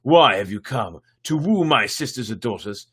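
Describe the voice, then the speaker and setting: A man's voice: medium pitch, animated, normal speed, fairly bright tone, slightly rough. A man voicing a haughty, scornful six-headed sea dragon from a storybook tale. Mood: mocking.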